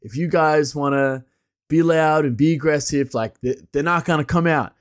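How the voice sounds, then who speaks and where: A man doing a mellow hippie concert announcer. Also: a little high, moderate pace, pitched above the performer's own voice, close to an everyday voice. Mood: coaxing. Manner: chill, coaxing, drawling "man". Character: laid-back hippie male concert announcer calming a crowd.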